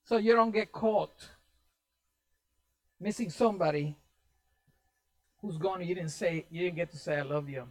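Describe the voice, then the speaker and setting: A pastor giving a sermon in an animated, conversational way, repeating key phrases to drive them home. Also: mid-range voice, a little slow, long pauses, poor audio.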